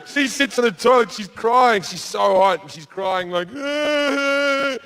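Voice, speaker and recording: Crude comic, high voice. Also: male voice, normal speed. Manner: crude, deadpan storytelling with sudden loud bursts. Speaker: stand-up comedian. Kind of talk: stand-up storytelling. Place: stage before a live audience.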